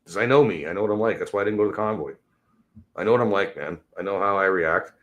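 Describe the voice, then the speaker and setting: A man hosting a podcast, ranting in a profane, rambling way that swings from low mutters to high exasperation. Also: fast talker, fairly bright tone, muffled recording. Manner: agitated, sweary, rambling. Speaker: podcast host. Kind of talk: profane solo rant.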